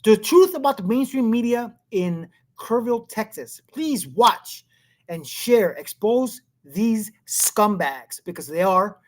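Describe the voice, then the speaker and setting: Male host, casual commentary, rambling and blunt, quick to laugh. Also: high-pitched, animated. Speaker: show host.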